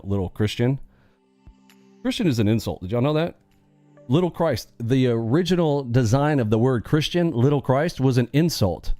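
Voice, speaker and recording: A man's voice: medium pitch, dark tone, no room sound. A man hosting a live trading stream, talking bluntly in a casual, preachy rant and laughing often.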